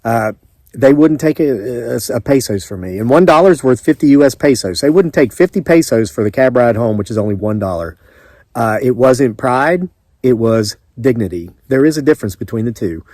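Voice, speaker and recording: A Southern-accented homesteading vlogger from the American South tells stories to the camera in a rambling, chatty way, often restarting and drifting into asides. His medium-pitched voice is expressive and darkish, delivered at a normal pace. The recording is dry.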